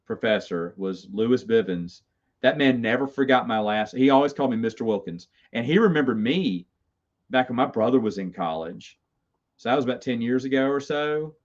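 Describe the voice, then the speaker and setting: A middle-aged man casually telling stories about his college days, rambling and self-amused, with stammered restarts. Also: fairly low pitch. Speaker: host. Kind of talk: casual storytelling. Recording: slightly dull lo-fi sound.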